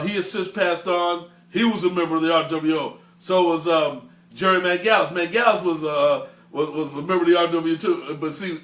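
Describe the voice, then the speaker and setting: Man, high voice, brash profane storytelling, roomy echo. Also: fairly bright tone. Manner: brash, swaggering, repeats and restarts, laughs at his own tales. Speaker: storyteller host.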